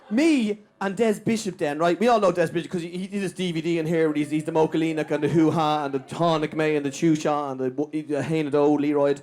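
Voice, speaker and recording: A high-pitched, slightly mellow voice belongs to an Irish stand-up comedian on stage at a small comedy venue with a live audience. He tells a story quickly, punctuating lines with "right?".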